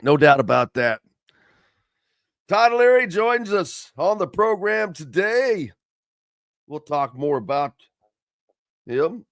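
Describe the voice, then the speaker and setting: A man's voice: high-pitched, very animated, slow, long pauses, a bit bright, dry recording, studio quality. A man hosting a sports talk radio show, chatting casually in a rambling way and reading listener comments aloud.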